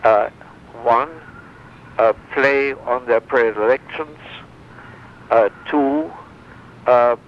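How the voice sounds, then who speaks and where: An older man, a former wartime interrogator, recounting memories in an interview, halting with many fillers and restarts. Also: medium pitch. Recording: dull lo-fi sound with faint noise.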